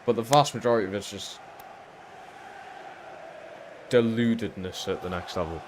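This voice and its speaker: A young man streaming a football career game, chatting casually and swearing freely, jumping into loud excited shouts at big moments. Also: fairly low pitch, normal speed, slight background noise. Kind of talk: live-streamed gameplay commentary.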